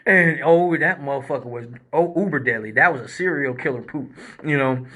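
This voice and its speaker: A man hosting a live stream, telling crude funny stories from his dancing work in a profane, animated way. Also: a little high, brisk. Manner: profane, animated storyteller who acts out the other people in his stories. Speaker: live show host and male exotic dancer. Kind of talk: casual storytelling on a live stream.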